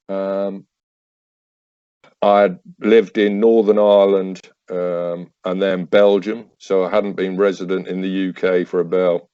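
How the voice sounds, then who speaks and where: Low-voiced man telling wry stories. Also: dark tone, no echo, dull audio. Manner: acts out remembered dialogue, wry, with hesitant fillers and restarts. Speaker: podcast guest, army veteran. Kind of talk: casual anecdotal storytelling.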